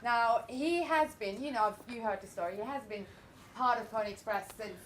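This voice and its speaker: A woman hosting a live event introduces the next speaker in a chatty, loose way, speaking warmly about her partner. Her voice sits on the high side at a moderate pace, and the recording is roomy and distant with faint room noise.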